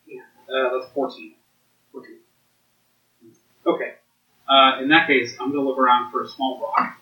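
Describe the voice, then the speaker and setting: A man's voice: medium pitch, flat delivery, moderate pace, bright, forceful tone. A man playing a thief in a tabletop game, talking hesitantly with many fillers. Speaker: player. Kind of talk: casual tabletop game play. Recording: echoey room, dull lo-fi sound.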